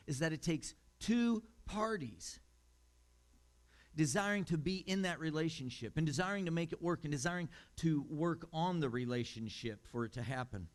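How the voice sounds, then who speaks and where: Conversational pastor, somewhat high voice. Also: male voice. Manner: conversational, with fillers and amused asides. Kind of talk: sermon. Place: church.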